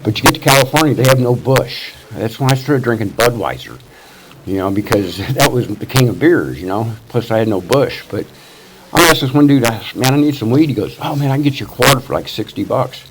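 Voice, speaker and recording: A man's voice: medium pitch, animated, fairly quick, crowd noise, poor audio. A man in his sixties from Missouri, telling his life story at a recovery meeting in a rambling, profane way, full of "you know" fillers. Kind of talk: casual storytelling testimony. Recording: loud background noise.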